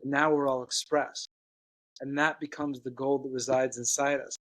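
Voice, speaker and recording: A man telling an earnest personal story as a guest, halting, with many restarts and fillers. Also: medium pitch, flat delivery, fairly bright tone, poor audio.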